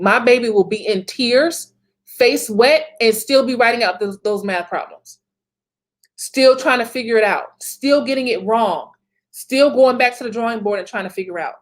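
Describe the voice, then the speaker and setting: Woman coach giving a pep talk, a bit high-pitched, emphatic, keeps laughing. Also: measured pace. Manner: emphatic, repeats phrases, laughs often. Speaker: business coach. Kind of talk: motivational talk.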